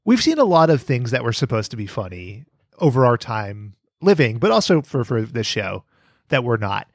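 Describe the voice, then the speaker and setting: A man's voice: mid-range voice, big pitch swings, normal speed, dry recording, clean studio sound. A man hosting a podcast in casual chat, swearing and laughing often. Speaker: podcast host.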